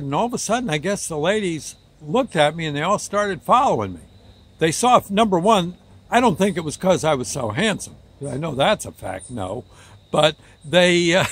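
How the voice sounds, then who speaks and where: A man's voice: high voice, fairly bright tone. Rambling man telling a story. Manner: halting, rambling, restarts words often. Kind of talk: casual personal anecdote.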